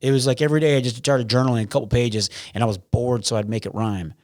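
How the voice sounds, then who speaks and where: A man's voice: medium pitch, fairly even intonation, fast, darkish tone, dry recording, studio quality. A man talking as a podcast guest, blunt and frank, with lots of restarts and some swearing. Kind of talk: casual interview.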